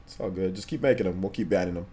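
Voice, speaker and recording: This livestream host talks rapid-fire in a low, warm voice. He chats casually on his gaming stream, laid-back and full of slang, often repeating himself as he answers viewers.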